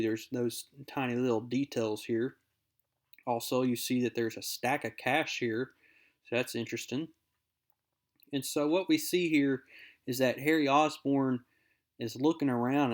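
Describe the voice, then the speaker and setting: Upbeat man recapping a comic. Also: medium pitch. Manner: upbeat, reads character quotes aloud in a casual recap. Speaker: comic book reviewer.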